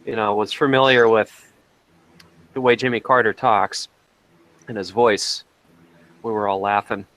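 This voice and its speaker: A man's voice: lowish voice, fairly even intonation, unhurried, a bit bright, rough recording. A man in casual chat, easygoing, telling anecdotes.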